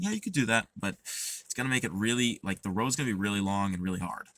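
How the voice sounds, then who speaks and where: A man's voice: on the low side, animated, racing, hardly any pauses, sharp tone. A young man talking in a casual, earnest way, rambling with lots of fillers and restarts as he gives advice. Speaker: podcast host.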